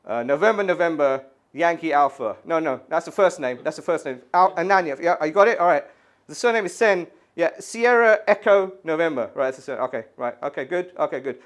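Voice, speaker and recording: Comic doing a no-nonsense copper calling the station: clipped and flat-toned, with a lively pitch. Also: male voice, brisk, natural voice. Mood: businesslike. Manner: clipped, businesslike, reading out spellings. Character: brisk English policeman radioing in. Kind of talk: stand-up impression.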